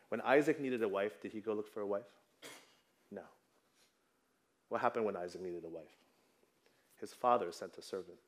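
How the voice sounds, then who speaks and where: A man in his thirties preaching a sermon in a conversational way, often checking in with the congregation. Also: fairly low pitch. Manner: conversational, tags lines with "right?". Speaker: pastor.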